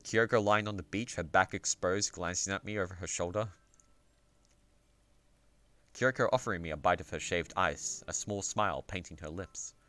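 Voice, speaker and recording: A man streaming himself as he reads a visual novel aloud, narrating in the first person in a soft-spoken, unhurried way. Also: low-pitched, dry recording.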